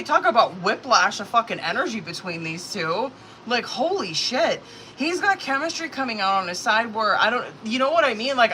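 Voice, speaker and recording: Bright-voiced, profane woman tarot reader. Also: on the high side, a little hiss or hum, low-quality recording. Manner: casual, profane, filler-heavy, anxious reactions. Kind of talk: live-stream tarot reading.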